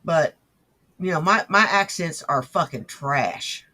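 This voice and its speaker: High, lively, mocking male reaction host. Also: slow. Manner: mocking, sarcastic. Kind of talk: profane reaction commentary.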